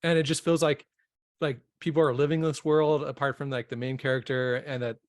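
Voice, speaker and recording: Chatty podcast cohost dude, mid pitch, says like a lot. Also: male voice, level tone, fairly quick, no room sound, clean studio sound. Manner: chatty, heavy use of "like". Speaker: podcast co-host. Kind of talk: casual podcast interview.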